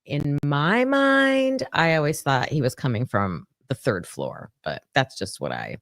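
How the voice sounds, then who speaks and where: Casting note: woman, low voice, unhurried commentary, dry close sound. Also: big pitch swings, no room sound. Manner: thinking aloud with fillers, reading notes. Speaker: true crime commentator. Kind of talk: casual commentary livestream.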